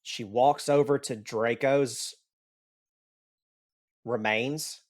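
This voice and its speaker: A man narrating a tabletop game as game master, in a slow and rambling way with restarts. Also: medium pitch, fairly even intonation.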